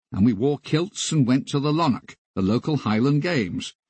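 A man narrating his memoir as an audiobook, with wry, deadpan comic asides. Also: mid-range voice, husky, no room sound.

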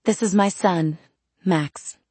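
A woman's voice: on the low side, slow, warm tone, husky, no echo. A woman voicing an earnest, shy young man who speaks plainly.

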